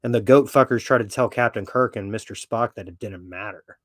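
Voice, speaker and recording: Male podcast host, lower register, brash and profane, dry close sound. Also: fairly quick, no echo. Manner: blunt, swaggering, heavy swearing. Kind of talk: profane opinionated monologue.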